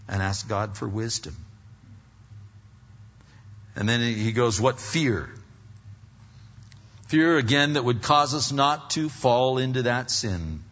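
A man's voice: mid-range voice, expressive, slow, long pauses, a bit bright. A man preaching an earnest sermon, often restarting his sentences and acting out inner voices. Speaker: pastor. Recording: dull lo-fi sound with long hall reverb.

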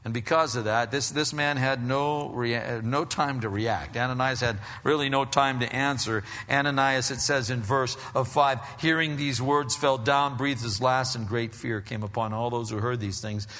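A male pastor giving a sermon in a church, animated and conversational, often restarting his phrases. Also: mid-range voice, normal speed, few pauses, in a large hall.

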